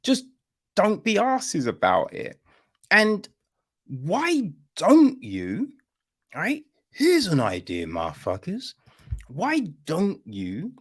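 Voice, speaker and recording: A middle-aged man rants through his podcast commentary. He talks slowly but his pitch swings widely. He is blunt and sweary and keeps tagging on "right?". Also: wildly swooping pitch, breathy edge. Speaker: podcast host.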